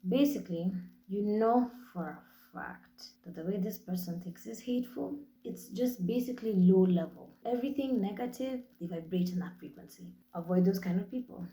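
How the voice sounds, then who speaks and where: A young Kenyan woman talks straight into her podcast mic, blunt and cheerfully profane. Her voice sits mellow and a little dark, and the room around her rings with echo. She tells her stories in a lively, animated way. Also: mid-range voice, moderate pace. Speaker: podcast host. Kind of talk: casual monologue.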